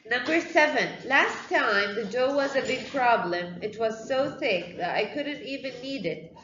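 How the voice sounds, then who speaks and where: A woman's voice: on the high side, lively intonation, a little slow, a bit bright, echoey room, dull audio, a little hiss or hum. A woman teaching a classroom lesson, quizzing her pupils and repeating their answers back to them.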